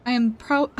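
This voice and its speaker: A woman's voice: on the high side, slight background noise. Playful young woman chatting with viewers. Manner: playful, chatty, talks to viewers with quick laughs. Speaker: game streamer. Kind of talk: casual live-stream chat while playing.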